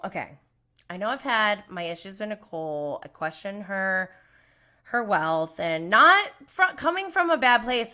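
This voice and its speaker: A woman hosting a casual solo recap podcast, chatty and animated, laughing often and trailing off mid-thought. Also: medium pitch. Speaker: podcast host.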